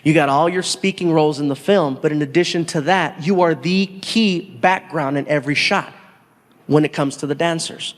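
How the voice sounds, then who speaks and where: Gruff intense film director, acted by a man, lower voice, echo of a big hall. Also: moderate pace, natural voice. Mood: coaching.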